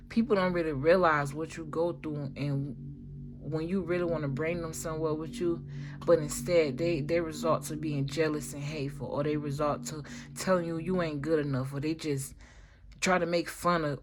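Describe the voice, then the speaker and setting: A woman's voice: low-pitched, steady tone, moderate pace, over music. A woman giving a casual tarot reading, talking in a slangy, emphatic way and swearing freely. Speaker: tarot reader.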